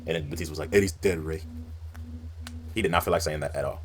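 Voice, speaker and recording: Brief: low-voiced man, rapid-fire wrestling recap, rambling and animated. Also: slight background noise. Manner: fast, rambling recap with acted-out quotes. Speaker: wrestling list narrator. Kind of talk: recounting wrestling storylines.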